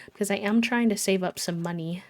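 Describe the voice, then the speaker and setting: A woman streamer chatting casually on a live stream, cozy and talkative as she welcomes viewers by name. Her voice sits in an ordinary middle pitch, and her tone stays relaxed and friendly. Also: fairly quick.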